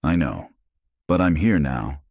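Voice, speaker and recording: Remorseful ex-husband, earnest and pleading, very deep voice played by a man. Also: expressive, slow pace, darkish tone, no room sound, clean studio sound, exaggerated voice. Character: remorseful divorced man, desperate to make amends.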